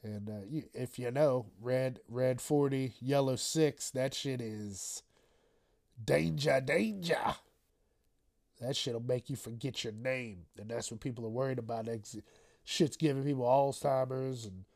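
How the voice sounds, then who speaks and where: A man's voice: mid-range voice, a little slow, darkish tone. A man hosting a casual solo news podcast, rambling and swearing, often trailing off into mumbles. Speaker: podcast host.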